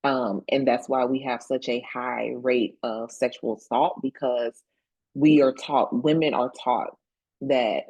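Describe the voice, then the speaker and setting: A woman with a notably low voice speaks plainly as a panelist on a video call. Her manner is direct and reflective. The recording is dry and close. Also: fairly even intonation, slow, a little mellow, breathy edge, dry recording, muffled recording. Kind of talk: casual panel conversation.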